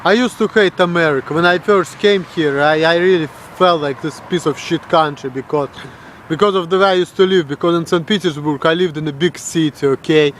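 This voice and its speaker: Man, Russian accent, young, blunt profane rant, pitched a bit high, faint traffic behind. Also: a little fast. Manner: blunt, crude, mocking the voices of others. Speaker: vlogger.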